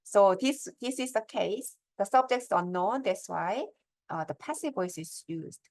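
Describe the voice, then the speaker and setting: A woman's voice: mid-range voice, expressive, unhurried, darkish tone. A middle-aged woman gives a step-by-step lecture on academic writing and keeps checking in with her audience through questions.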